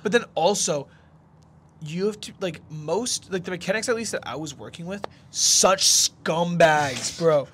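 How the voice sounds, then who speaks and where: A man's voice: sits high, lively intonation, unhurried, fairly bright tone, slight background noise. A young man, telling rambling, slangy stories in a casual podcast chat. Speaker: podcast co-host.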